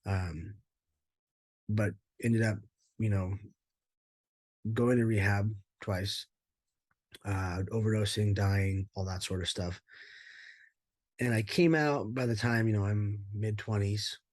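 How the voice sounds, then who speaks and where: A man's voice: lowish voice, steady tone, slow pace, long pauses, a little mellow, dry recording. A man telling his life story in an interview, candid and rambling, with many fillers and casual swearing. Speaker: interview guest, former pro fighter.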